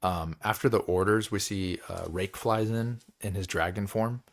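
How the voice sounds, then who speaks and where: A man's voice: lowish voice, steady tone, normal speed. A man hosting a book club, recapping chapters in a loose, rambling way, with lots of filler words and frequent laughs.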